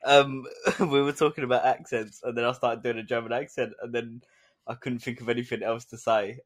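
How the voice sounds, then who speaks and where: A man's voice: mid-range voice, flat delivery, a little fast, dry recording, studio quality. A man co-hosting a podcast, chatting casually over a video call, joking and laughing a lot. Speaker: podcast co-host.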